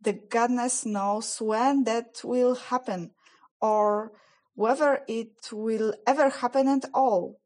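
A woman voicing a guilt-stricken male faun, gentle and fretful, with an anxious, pleading, slightly raised voice. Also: fairly high pitch, fairly even intonation, slow pace, pitched above the performer's own voice. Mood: anguished.

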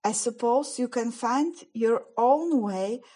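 A woman voicing a guilt-stricken male faun, gentle and fretful, with an anxious, pleading, slightly raised voice. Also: a little high, slow, husky, voice pushed up. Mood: resolved.

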